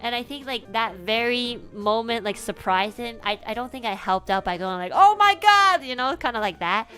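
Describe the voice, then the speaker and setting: A young woman streamer telling a casual story in an animated way, giggling often and swearing casually. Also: medium pitch, normal speed, faint music behind.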